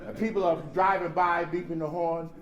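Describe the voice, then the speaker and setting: High-voiced man, animated comic storyteller, sharing at a recovery convention in a reverberant hall. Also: moderate pace, muffled recording, very noisy. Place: large convention hall with audience. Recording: echoey hall with audience laughing. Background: crowd laughing.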